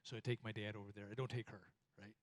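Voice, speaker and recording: A man's voice: lowish voice, little pitch movement, rapid-fire. Man telling folksy marriage stories at church. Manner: storytelling, folksy, self-deprecating, stumbles and repeats words. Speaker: minister teaching with his wife.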